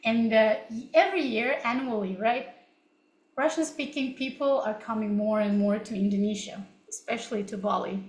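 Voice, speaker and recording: A woman's voice: a little high, moderate pace. A young woman from Kazakhstan whose first language is Kazakh, giving a chatty, upbeat English session and laughing often. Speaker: English speaker at a learning session. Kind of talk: casual live teaching talk. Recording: roomy echo.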